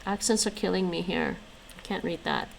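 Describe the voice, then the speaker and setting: A woman's voice: on the low side, steady tone, normal speed, creaky, slight background noise, low-quality recording. A woman livestreaming at home, chatting casually and answering her viewers' messages aloud while she studies languages, with frequent laughs.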